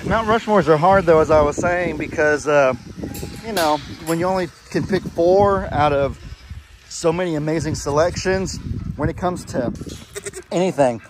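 A man's voice: on the high side, moderate pace, background noise. A man hosting a casual farm vlog, rambling and chatting with viewers in an easygoing way. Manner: easygoing, rambling, Southern-style "y'all". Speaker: farm vlogger host. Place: outdoors on a farm among animals.

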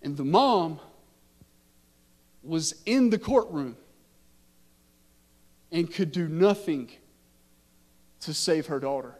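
A man, a pastor telling a story in his sermon and building from quiet narration to impassioned preaching. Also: a little high, animated, takes it slowly, pauses often, big-room sound. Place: church sanctuary.

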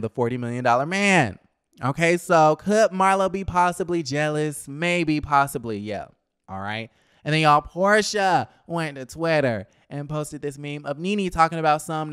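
A man's voice: a little high, measured pace, a bit bright, smooth, no echo, studio quality. A young man giving sassy, chatty gossip commentary on a reality show, talking straight to his viewers.

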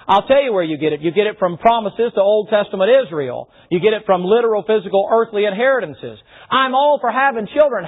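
A man's voice: high-pitched, husky. A man preaching a sermon in a folksy way, full of rhetorical questions, recorded with a tinny phone-like sound.

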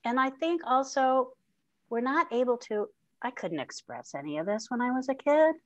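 A woman's voice: high-pitched, animated, moderate pace, no room sound. Candid middle-aged woman, dry close sound. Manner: open and heartfelt, laughs often, many fillers and restarts. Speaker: guest. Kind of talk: candid personal interview.

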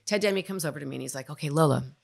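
A woman on a podcast telling a story about a film set, animated and acting out what people said. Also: low voice, racing, vocal fry. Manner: animated storyteller, acts out quotes. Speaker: podcast guest.

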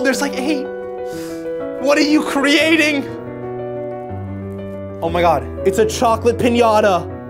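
A young man hosts a casual reaction video, full of slang and quick exclamations. His voice swings widely in pitch as he reacts. Clear music plays underneath.

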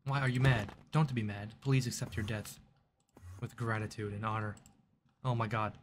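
A man's voice: lowish voice, steady tone, normal speed, slight background noise. A man giving live gameplay commentary, chatting to the creatures on screen and breaking into startled outbursts. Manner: chatty, talks to game mobs, frequent startled outbursts. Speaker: gaming YouTuber.

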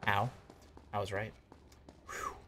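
A man giving casual gameplay commentary, excitable and talking to himself, yelping at close calls. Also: lowish voice, slow, slight background noise. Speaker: gaming YouTuber.

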